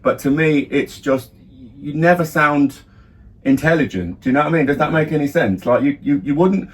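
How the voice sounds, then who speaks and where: A man's voice: a little high, moderate pace. A middle-aged man with a London accent, co-hosting a casual podcast chat and rambling with many restarts and "do you know what I mean". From London area, England. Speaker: podcast co-host, father.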